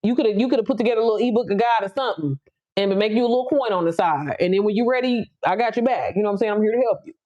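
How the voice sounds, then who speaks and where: Blunt, animated woman chatting on a livestream. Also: racing. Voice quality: animated, blunt, laughs often, swings high for emphasis. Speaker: livestream host. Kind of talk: casual livestream chat with viewers. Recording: slightly dull lo-fi audio.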